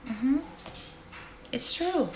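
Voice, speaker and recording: A woman's voice: high-pitched, expressive, very slow, heavy background noise. A woman, a life coach, speaking directly and animatedly in a casual faith-based monologue. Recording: roomy echo.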